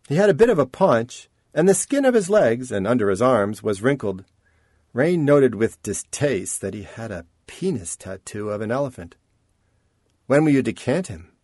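A man with a medium-pitched voice narrates an audiobook from a script, measured and expressive in his storytelling. The sound is clean studio quality with no room sound.

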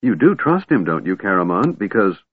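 A man's voice: medium pitch, big pitch swings, normal speed, vocal fry, slightly rough, dry recording, pitched above the performer's own voice, heavily acted. A man voicing a small, anxious male kender who whispers and stammers hesitantly. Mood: pleading. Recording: tinny phone-like band, dry.

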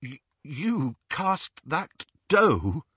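A man's voice: on the high side, sing-song, drawn-out words, sharp tone, breathy edge, dull audio, voice pushed up, heavily acted. A man voicing a shivering, bewildered young man who asks short, urgent questions. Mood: shaken.

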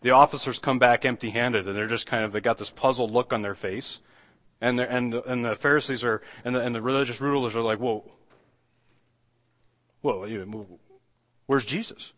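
A man's voice: medium pitch, fairly even intonation, quick pace, fairly bright tone, big-room sound. A man preaching a sermon as pastor, talking in a loose conversational way with many restarts and acting out the quoted lines.

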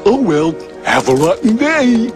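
A man playing a gentle, bumbling flower-loving troll in an animated film. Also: extremely high pitch, a little slow, music in the background, heavily acted. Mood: cheerful. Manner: fussy, bumbling.

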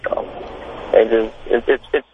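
A man with a husky voice calling into a radio show, talking in an earnest, rambling way. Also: on the low side, little pitch movement, a little slow, slight background noise. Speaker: caller. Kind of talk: call-in talk radio. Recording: tinny phone line.

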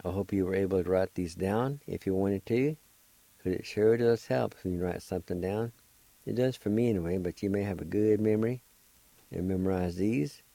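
With a low, gravelly, warm voice at a moderate pace, a man teaches a language lesson on the radio. He patiently spells out each word letter by letter and repeats each syllable, over poor, echo-free audio.

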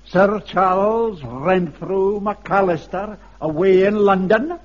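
An actor playing a wily, scheming old Scottish platoon member, teasing with dramatic pauses in a vintage radio comedy. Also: male voice, sits high. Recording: dull lo-fi archive radio recording with faint hiss.

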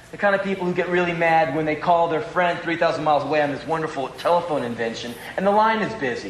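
A male stand-up comedian telling a long, profane, rambling story in an animated way to a live audience. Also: a little high, reverberant, a little hiss or hum, rough recording.

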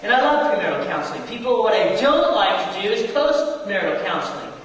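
A man's voice: high voice, sing-song, fast talker. A man pastor preaching a sermon, talking straight to the congregation and asking them questions. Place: church hall. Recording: echoey hall, distant mic.

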